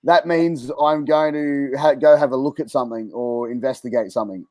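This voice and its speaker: A man's voice: medium pitch, fairly even intonation, normal speed, a little mellow, dry recording. An Australian man hosting a casual podcast interview, friendly and quizzing his guest on slang. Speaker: podcast host.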